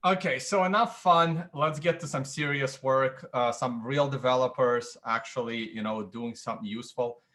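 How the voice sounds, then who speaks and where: A man's voice: mid-range voice, steady tone, moderate pace, hardly any pauses, fairly bright tone. A man hosting a podcast, chatting casually and making self-deprecating asides. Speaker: podcast host. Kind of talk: casual chat.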